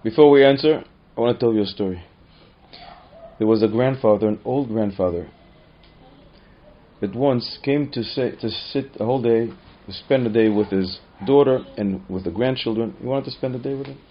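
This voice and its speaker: A man teaching a class as a rabbi, telling stories and acting out whining children in high voices. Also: normal speed. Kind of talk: storytelling lesson in English. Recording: dull lo-fi sound.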